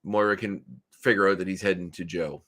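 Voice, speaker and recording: A man's voice: low voice, fairly even intonation, fairly quick, fairly bright tone. A man co-hosting a podcast in casual chat. He recaps in a rambling way with many fillers. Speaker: podcast co-host.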